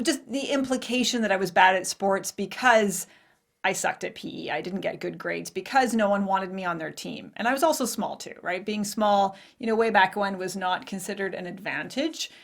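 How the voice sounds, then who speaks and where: A woman's voice: mid-range voice, moderate pace, vocal fry. A woman in her forties hosting a podcast, telling a personal story candidly, with laughs and acted-out quotes. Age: 40s. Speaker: podcast host. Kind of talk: personal monologue.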